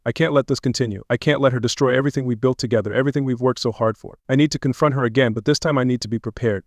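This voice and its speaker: A man's voice: mid-range voice, very fast, no echo, clean studio sound. A man narrating a first-person dramatic audio story in a tense, earnest way.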